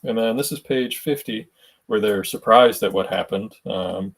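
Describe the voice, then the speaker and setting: A man hosting his drawing livestream, talking casually in a halting way with many pauses while feeling unwell. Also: lowish voice, gravelly.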